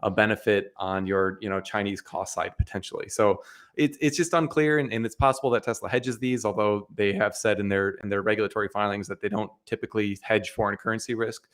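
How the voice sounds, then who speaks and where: A man with a fairly low voice co-hosts a casual investing live stream. He works through his points in a halting way, starting over and filling gaps with small words as he thinks aloud. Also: fairly bright tone. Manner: hesitant, full of restarts and fillers. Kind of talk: casual finance chat.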